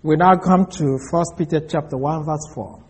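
Husky high-voiced man preaching a sermon. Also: darkish tone. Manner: slow, deliberate emphasis on key words. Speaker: pastor. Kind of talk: expository sermon.

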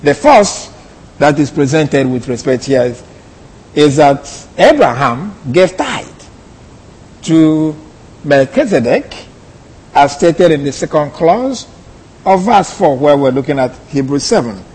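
A man teaching a Bible lesson, deliberate and repeating key phrases. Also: a little high, big pitch swings, darkish tone, breathy edge. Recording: long hall reverb.

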